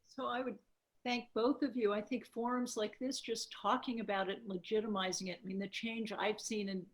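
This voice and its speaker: A woman's voice: medium pitch, steady tone, moderate pace, rough recording. A woman moderating a panel discussion, thanking guests and reading a question aloud. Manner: gracious, reads questions aloud.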